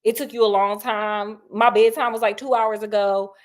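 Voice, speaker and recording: A woman's voice: mid-range voice, steady tone, moderate pace, lightly acted. A woman voicing a smug, sleazy male blackmailer in a retold story, brushing off blame with excuses. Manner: dismissive, making excuses.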